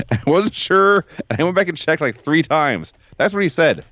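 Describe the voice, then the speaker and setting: A man co-hosting a podcast from home, recapping events in a sarcastic, deadpan way during casual chat. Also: on the high side, normal speed, no room sound, lo-fi sound. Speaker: podcast co-host.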